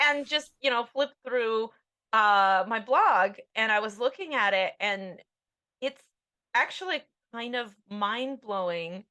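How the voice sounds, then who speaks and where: A woman in her thirties, an author, is interviewed on a podcast and talks candidly, rambling and putting herself down with lots of fillers. Her voice is on the high side and expressive, slow, pushed and bright.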